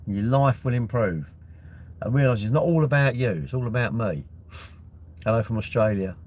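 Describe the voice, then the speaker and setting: A man's voice: medium pitch, animated, moderate pace, phone-quality sound. A young man hosting a casual livestream, reading out comments and bantering with sarcastic, rambling jokes. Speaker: livestream host.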